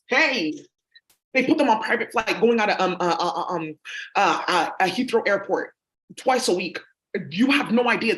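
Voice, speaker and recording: With a fairly high, fairly bright voice, a woman vlogs straight to camera. Her monologue rambles and points fingers, and it's littered with ums and uhs.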